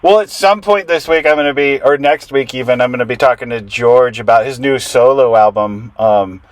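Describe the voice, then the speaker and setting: A man's voice: medium pitch, normal speed, a little hiss or hum. A man interviewing a musician in a casual chat, friendly and brief in his replies.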